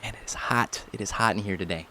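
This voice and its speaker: Here a streamer from the rural U.S. rambles and jokes with his chat during casual live gameplay. He talks fast in a fairly low, sharp-toned voice, over faint music and slight background noise.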